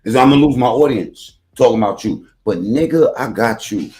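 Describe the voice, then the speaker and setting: A man's voice: mid-range voice, expressive, fairly quick, darkish tone. A man hosting a reaction video, rambling in casual streetwise slang with plenty of profanity.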